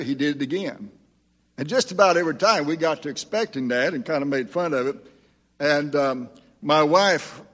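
A man's voice: medium pitch, fairly bright tone, big-room sound. An older man preaching a sermon as pastor, earnest and emphatic as he reads scripture.

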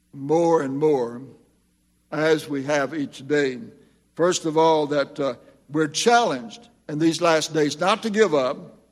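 A man's voice: on the high side, long reverb tail. An older man preaching a sermon as pastor, earnest and emphatic as he reads scripture.

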